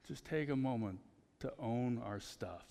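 A man preaching a conversational sermon as pastor, telling personal stories in an animated way. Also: medium pitch, unhurried, big-room sound.

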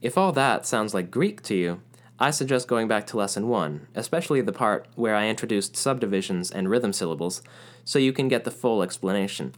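A man narrating a music lesson in a clear, explanatory way, now and then chanting rhythm syllables aloud. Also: fairly low pitch, expressive, brisk. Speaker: music teacher.

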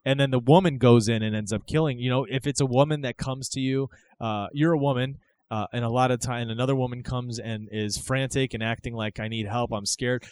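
A man's voice: medium pitch, fairly even intonation, brisk, darkish tone, dry recording. A man hosting a casual podcast, rambling and speculative, often asking if you follow him. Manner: rambling, speculative, keeps asking "you know what I mean". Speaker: podcast host. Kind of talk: casual chat.

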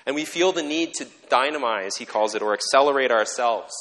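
Male pastor, middle pitch, earnest and reflective sermon delivery, long church-hall echo. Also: animated, brisk, fairly bright tone. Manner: earnest, reflective, explains ideas step by step. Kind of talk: conversational sermon. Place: church sanctuary.

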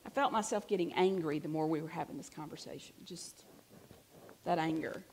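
A woman preaching a sermon, telling a personal story in a conversational way, swinging from hushed to emphatic. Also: deep voice, brisk, slight background noise.

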